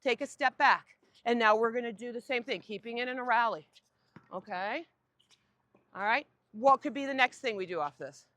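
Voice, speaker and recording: An energetic woman runs a tennis coaching session outdoors, firing questions at her group and calling out drills. Her voice is bright and forceful and a little high, and the sound is dry and close. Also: normal speed, no echo. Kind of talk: on-court coaching demonstration.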